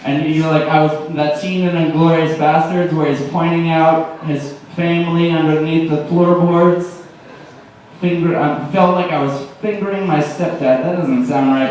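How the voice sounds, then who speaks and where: A man's voice: a little high, moderate pace. Young man rambling through open mic stand-up. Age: late teens to early 20s. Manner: rambling, deadpan, many fillers. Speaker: stand-up comedian. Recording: echoey room, distant mic, faint noise.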